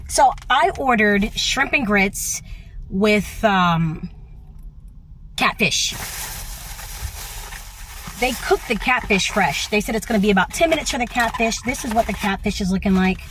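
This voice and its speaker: A woman's voice: medium pitch, slow, pauses often, fairly bright tone, a little hiss or hum. Gushing woman vlogging from her car. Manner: enthusiastic, gushing. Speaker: travel vlogger. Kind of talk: casual vlog chat. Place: parked car in a parking lot.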